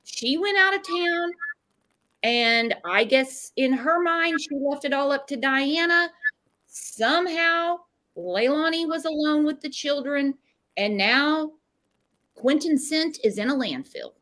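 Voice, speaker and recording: A woman's voice: high voice, lively intonation, takes it slowly, fairly bright tone. A woman hosting a true crime livestream, casually explaining and recapping events. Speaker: host.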